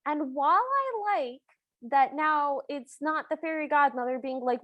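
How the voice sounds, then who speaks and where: A woman's voice: sits high, expressive, measured pace, dry recording, studio quality. A woman co-hosting a podcast, recapping the plot with wry, playful sarcasm. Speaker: podcast co-host. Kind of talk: casual chat.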